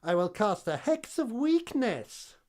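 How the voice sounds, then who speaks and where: A woman voicing a spiteful old swamp witch who casts hexes in slow, grand, high-pitched proclamations. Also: very animated, a little mellow. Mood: gloating.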